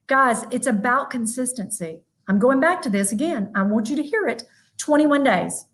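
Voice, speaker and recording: A woman from North Mississippi with a Southern accent, giving a motivational keynote talk in a folksy, animated way, speaking straight to her audience. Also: sits high, rough recording. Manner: folksy, animated storytelling with y'all and asides to the audience. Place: virtual event from a room with a small audience.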